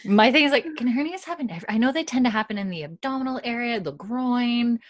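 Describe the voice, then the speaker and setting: A woman's voice: a little high, fast. A woman hosting a casual podcast chat, retelling scenes and acting out the characters' lines. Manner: animated storyteller, acts out characters' lines. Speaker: podcast host recapping a show.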